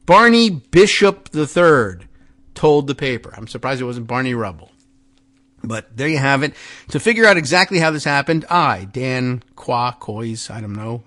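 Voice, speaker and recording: A man's voice: medium pitch, fairly bright tone. Guy hosting a podcast, rambly and sarcastic, jokes at his own expense. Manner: rambling, sarcastic, self-deprecating asides. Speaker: podcast host. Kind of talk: casual political commentary.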